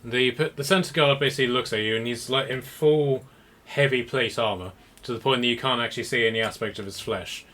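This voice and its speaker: A man's voice: medium pitch, fairly quick, bright, forceful tone. A man narrating as game master, rambling with restarts and fillers.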